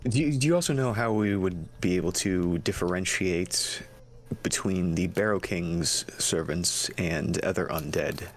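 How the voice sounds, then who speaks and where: A man playing a polite, measured male bard who asks questions deadpan. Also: low voice, faint music behind. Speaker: player.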